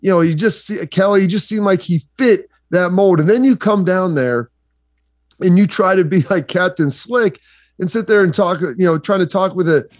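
Male sports talk guest from Ohio, loose and chatty, a bit higher pitched, recorded dry. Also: normal speed, dry recording. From Southeastern Ohio, USA. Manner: rambling, chatty, lots of fillers.

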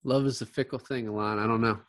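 A man's voice: medium pitch, steady tone, quick pace, dry recording, studio quality. Chatty male co-host who laughs through his scene recaps and talks in loose fillers. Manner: chatty, laughs often, retells scenes with quoted lines. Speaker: podcast co-host. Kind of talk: casual film discussion.

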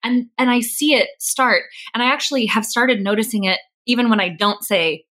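A woman's voice: a little high, normal speed, fairly bright tone. A woman guest on a podcast speaking earnestly and reflectively about intentions and the power of words. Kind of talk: casual interview talk.

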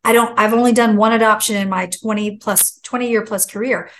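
A woman's voice: mid-range voice, fairly quick, poor audio. Middle-aged woman telling a story animatedly. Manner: animated, acts out quoted voices. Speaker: guest. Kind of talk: casual storytelling.

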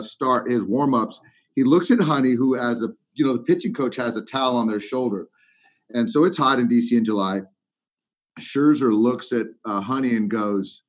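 A middle-aged man, a former ballplayer, chatting about baseball and telling an animated story with lots of fillers. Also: medium pitch. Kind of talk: casual sports chat. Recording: slightly muffled lo-fi audio.

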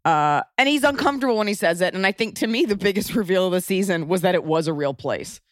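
A woman's voice: lowish voice, lively intonation, quick pace, no room sound, clean studio sound. A woman hosting an interview, with a gushing, giggly and candid way of talking. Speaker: podcast host. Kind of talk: casual interview chat.

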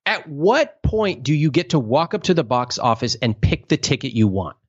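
A man hosting a podcast, telling stories in a casual, animated way and acting out quoted voices with big swings. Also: medium pitch, moderate pace, highs cut off. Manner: animated storyteller, acts out quotes in exaggerated voices. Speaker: podcast host.

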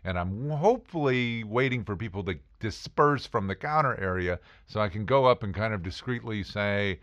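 A man's voice: on the low side, animated, moderate pace, fairly bright tone, no room sound, dull audio. A man telling a self-mocking comic story about his past, with punchy asides. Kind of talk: comedic storytelling monologue.

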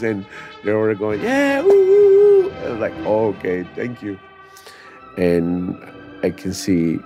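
Older man, low voice, animated storyteller, music under him. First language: Spanish. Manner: animated, acts out quotes, says "you know". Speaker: interviewee. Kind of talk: storytelling interview.

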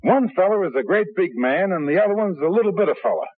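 An actor playing an eager, persuasive young radio performer in a 1950s radio drama. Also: male voice, sits high, animated, quick pace, husky. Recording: tinny old radio broadcast.

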